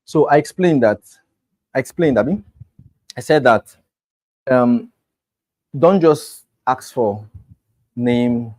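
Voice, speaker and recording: A man coaching realtors in a relaxed, conversational way, acting out quoted lines as he talks. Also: mid-range voice, normal speed, long pauses, no echo, low-quality recording. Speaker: real estate sales coach. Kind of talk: informal coaching talk.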